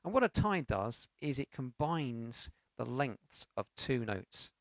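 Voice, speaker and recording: A man's voice: mid-range voice, very animated, slow, fairly bright tone, dry recording. A man teaching a beginners' piano lesson, explaining notes patiently and counting beats aloud with sung syllables. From United Kingdom.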